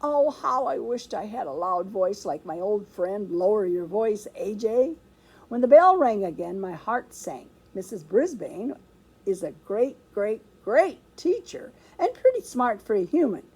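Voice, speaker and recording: Lady reading a kids book aloud, super lively, kinda breathy. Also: medium pitch, unhurried, low-quality recording. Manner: expressive storytelling. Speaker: storybook reader. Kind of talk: children's book read-aloud.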